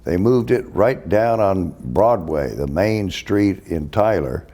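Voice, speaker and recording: Older male host, low mellow voice, folksy unhurried storyteller. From Texas. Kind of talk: casual chat.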